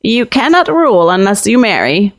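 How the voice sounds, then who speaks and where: A woman voicing an old witch who is a grandmother, speaking in terse, measured questions with a slightly creaky voice in an audiobook fiction reading. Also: mid-range voice, big pitch swings, dry recording, clean studio sound, close to an everyday voice. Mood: grave.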